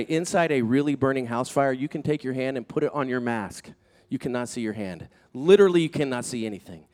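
A man preaching a sermon, telling a personal story in an earnest, animated way that builds in intensity. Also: fairly high pitch. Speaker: pastor.

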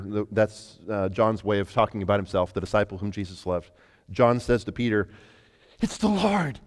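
A male preacher delivers a sermon in a lively storytelling manner. He often trips over his openings and repeats a word before he goes on. His mid-pitched voice rings with the long reverb of a large hall. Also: clear, resonant tone. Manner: animated storytelling with frequent stammered restarts.

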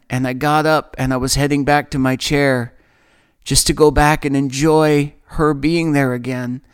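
A man telling a personal story in an earnest, halting way, often repeating his phrases. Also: fairly high pitch, clear, resonant tone. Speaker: storyteller recounting a dream. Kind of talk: emotional first-person storytelling.

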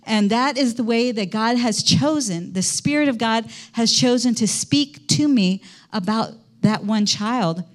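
High-voiced middle-aged woman pastor preaching. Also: unhurried, hardly any pauses. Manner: conversational preaching, quizzing the congregation. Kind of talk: sermon. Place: church.

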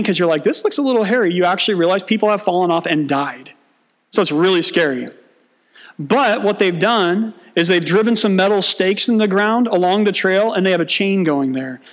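A man's voice: sits high, fairly bright tone. A male pastor preaching a sermon, mixing teaching with humorous storytelling and acted-out dialogue.

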